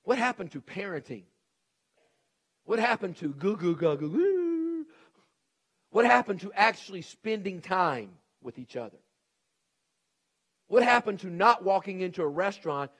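A middle-aged male pastor preaching a sermon, swinging between shouted emphasis and hushed intensity. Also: sits high, animated, normal speed, long pauses, husky.

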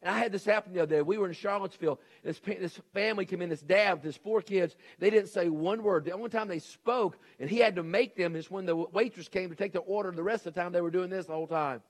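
Middle-aged pastor guy preaching, high voice, loud bursts then quiet and intense. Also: fast, few pauses. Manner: emphatic preaching, swings between shouting and hushed intensity. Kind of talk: sermon.

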